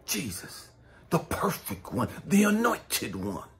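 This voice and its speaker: A man preaching a blunt, profane street-style sermon, dropping to low mutters and rising to shouts. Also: huge pitch swings, slow pace. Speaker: spiritual coach and speaker.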